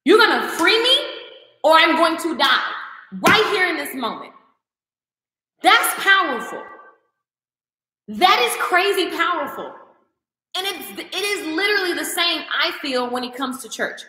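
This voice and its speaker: A woman's voice: extremely high pitch, sing-song, unhurried, long pauses, bright, forceful tone. A woman vlogger delivering an emphatic, preachy rant to her viewers, dropping into mocking quoted asides. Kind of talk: passionate rant to camera. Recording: echoey room with long reverb.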